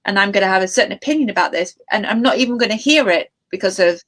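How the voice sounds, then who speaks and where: A woman's voice: medium pitch, expressive, quick pace, a bit bright. A woman interviewer who thinks aloud, often restarting her sentences. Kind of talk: conversational interview.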